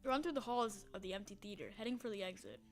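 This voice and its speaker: A woman's voice: medium pitch, fast talker, soft background music. A woman reading a text game's story aloud with dramatic delivery, breaking off for short spoken asides and sometimes dropping into a whisper. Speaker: game streamer.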